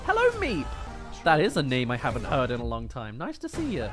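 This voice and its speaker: A man's voice: medium pitch, wildly swooping pitch, brisk, over music. A British man hosting a movie review livestream, chatting casually and joking as he answers viewer comments.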